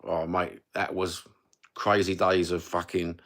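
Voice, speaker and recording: A man's voice: low-pitched, flat delivery, unhurried, a bit bright. A middle-aged man with a Cockney accent, rambling through sweary stories on a livestream. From East London, England. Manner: sweary, rambling, matter-of-fact. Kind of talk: rambling storytelling.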